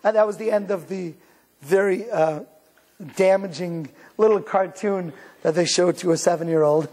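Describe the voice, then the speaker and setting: Speaking at a normal speed in a high, slightly mellow voice, a rabbi from Cleveland, Ohio delivers a live talk. Long hall reverb fills the recording while he tells conversational stories, restarts sentences and shares chuckles with the crowd.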